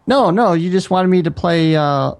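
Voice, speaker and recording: A man calling into a podcast as a fellow show host, talking in a relaxed, casual way. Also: sits high, normal speed. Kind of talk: casual chat.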